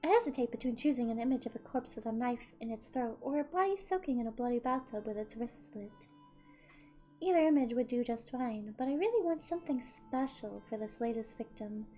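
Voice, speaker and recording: A woman putting on a gloating psychopathic young woman from a visual novel, cool and smirking, her voice pitched high yet kept low and hushed, with soft music playing faintly underneath. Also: expressive, fairly quick, lightly acted. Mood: smug, gloating. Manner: cold, smirking, low and quiet delivery. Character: smug psychopathic young woman who fakes deaths. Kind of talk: reading a visual novel aloud in character.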